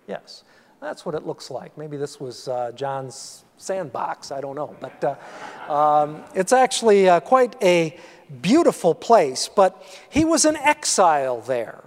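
Male pastor, unhurried, chatty and animated sermon, ringing church hall. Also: a little high. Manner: conversational, animated preaching with asides. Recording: long hall reverb.

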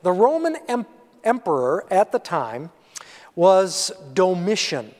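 A man preaching a sermon as pastor, in a conversational, animated way with asides to the congregation. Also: sits high, takes it slowly. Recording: long hall reverb.

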